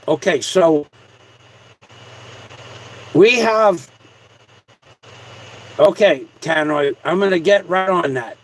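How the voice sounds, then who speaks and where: A man with a fairly high voice hosts a casual livestream. He rambles and jokes as he reads out viewer comments, throwing in repeated shout-outs. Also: takes it slowly, long pauses, low-quality recording. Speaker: livestream host.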